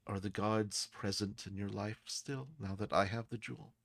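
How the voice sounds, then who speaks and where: A man voicing a redeemed ancient hero in a tabletop game, asking gentle, probing questions. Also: on the low side, steady tone, moderate pace, vocal fry, dry recording. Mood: wistful.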